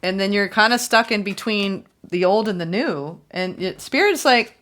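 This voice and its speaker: A woman's voice: medium pitch, lively intonation, unhurried, fairly bright tone. A woman giving a casual, chatty tarot reading, musing aloud and voicing the viewer's thoughts. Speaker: tarot reader.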